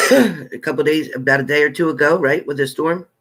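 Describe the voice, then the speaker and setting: Guy doing a casual live tarot stream, kinda high, really bright punchy voice, greets everyone by name. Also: moderate pace. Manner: chatty, greets viewers by name in warm familiar terms.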